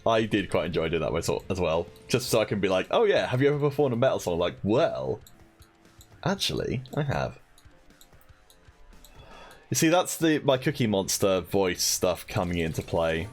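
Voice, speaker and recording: Playful low-voiced male streamer. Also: big pitch swings, normal speed, faint music behind. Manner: playful, laughs often. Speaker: streamer and co-host. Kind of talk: casual live-stream chat.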